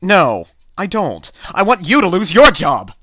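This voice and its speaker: A frustrated, stammering male customer, played by a man in an amateur radio play, who sometimes breaks into shouting. His voice is bright and tense, a touch high, with animated swings in pitch. The sound is close and dry. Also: a little fast, dry recording. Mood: furious pleading. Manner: flustered, stammering, bursts into shouting. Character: exasperated male customer, young adult, increasingly desperate.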